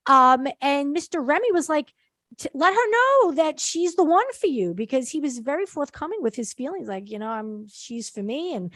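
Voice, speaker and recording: Recapping things in a casual podcast chat, a woman host speaks earnestly and at a measured pace, often saying "um" and "yeah" in agreement. Her sing-song voice sits high and sounds a bit bright, with no echo.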